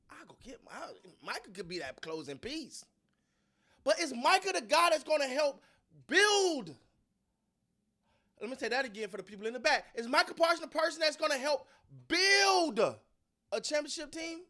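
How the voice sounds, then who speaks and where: A man hosting his own sports channel, talking casually to his viewers and giving his opinions in a loose, slangy, repetitive way. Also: extremely high pitch. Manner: animated, repetitive, slangy, talks to the audience. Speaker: sports commentary host.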